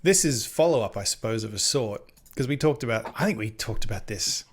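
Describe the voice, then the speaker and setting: A man's voice: lowish voice, lively intonation, brisk, slightly rough. A man co-hosting a podcast in casual chat, rambling and swearing freely, often correcting himself mid-sentence. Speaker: podcast co-host.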